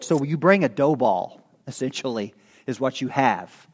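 A man's voice: mid-range voice, expressive, normal speed, slightly rough. A middle-aged man preaching an expository sermon to his congregation in a conversational way, often checking in with "okay?" and correcting himself mid-sentence. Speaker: pastor.

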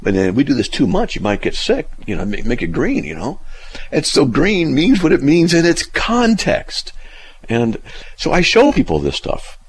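A man hosting a casual talk radio show and answering listener emails. He is animated, laughs often, argues with rhetorical questions and acts out the people he quotes. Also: fairly high pitch, moderate pace, breathy edge. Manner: argumentative, asks rhetorical questions.

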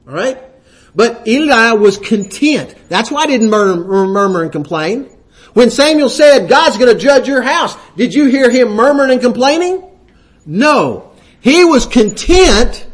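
A man preaching a sermon, quoting scripture and acting out little asides, often checking in with the congregation. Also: very high voice. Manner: frequent "right?" checks to the congregation.

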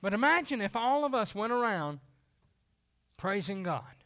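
Pastor, man, very high voice, folksy animated sermon delivery. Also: normal speed.

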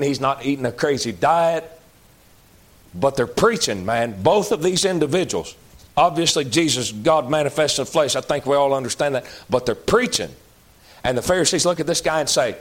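A man preaching a sermon in a folksy, emphatic way, jumping to loud outbursts and dropping to low, slow asides. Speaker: pastor.

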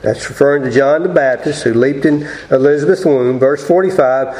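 A man preaching a Sunday morning sermon and reading scripture aloud in a slow, deliberate way. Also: mid-range voice, a little mellow, roomy sound, rough recording. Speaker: pastor.

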